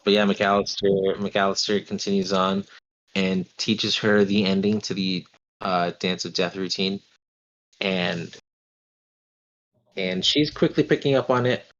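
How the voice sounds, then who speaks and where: A man running a tabletop game, narrating in a fairly low voice. He talks in a relaxed, halting way full of fillers. The stream audio sounds dull and lo-fi. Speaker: game master.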